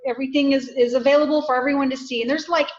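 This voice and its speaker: A woman, a guest author, talks through her personal stories in a candid, self-deprecating way. Her voice sits a little high. The recording sounds dull and lo-fi. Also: fairly even intonation, racing. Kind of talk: casual podcast conversation.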